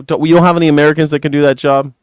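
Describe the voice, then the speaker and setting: A man hosting a news reaction show. He riffs and rants with sarcasm and plenty of profanity. His voice sits a little high and sounds dry and close. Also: level tone, very fast, clean tone, no echo. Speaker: host. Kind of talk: ranting news commentary.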